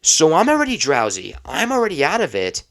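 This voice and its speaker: A young adult man hosting a podcast, telling a personal story in a lively, casual way and laughing now and then. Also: a little high, a little fast, gravelly, dry recording, studio quality. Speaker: podcast host.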